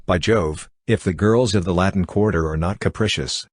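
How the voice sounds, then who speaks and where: A man's voice: sits low, moderate pace, dry recording, clean studio sound. A man reading a flustered, uneasy young man who stammers awkwardly, in an audiobook.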